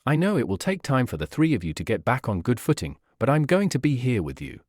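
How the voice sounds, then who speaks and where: Motherly wife, warm and firm, lively up and down as a guy reads her lines, dry sound. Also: mid-range voice, quick pace, no echo. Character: warm motherly wife, young adult woman.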